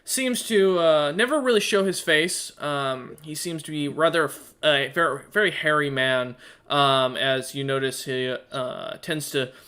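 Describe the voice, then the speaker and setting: A man narrating a tabletop game as game master in a casual, halting way, full of ums and uhs. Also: a little high, sharp tone, clear, resonant tone.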